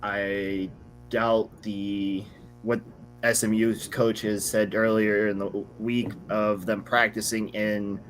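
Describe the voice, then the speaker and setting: Tired, modest guest with a low voice. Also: male voice, little pitch movement, slow, a little hiss or hum, low-quality recording. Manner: modest, a bit hesitant. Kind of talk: casual football chat.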